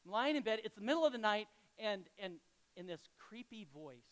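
A man's voice: high voice, sing-song, a little slow, pauses often, a bit bright, slight background noise, low-quality recording. A man preaching a sermon to a congregation, talking in a conversational, storytelling way and asking them questions. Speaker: pastor.

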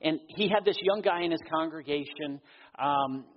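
A man preaching a sermon as pastor, earnest, slowing down for emphasis. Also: fairly high pitch. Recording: dull audio with long hall reverb.

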